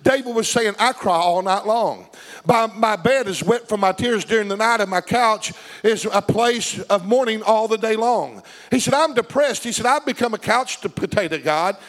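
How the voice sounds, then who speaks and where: A man's voice: sits high, moderate pace, fairly bright tone. A man preaching a sermon, reading scripture and putting questions to his congregation.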